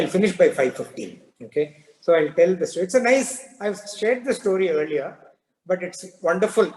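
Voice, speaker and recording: Brief: man, spiritual teacher, high voice, storytelling discourse, reverberant hall. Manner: explanatory, storytelling, phrases trail off softly. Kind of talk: satsang discourse and parable telling. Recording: echoey hall with long reverb.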